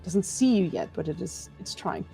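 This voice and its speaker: A woman narrating a homebrew fantasy game as dungeon master, playful and quick to laugh. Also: fairly low pitch, lively intonation, creaky, warm tone, faint music behind.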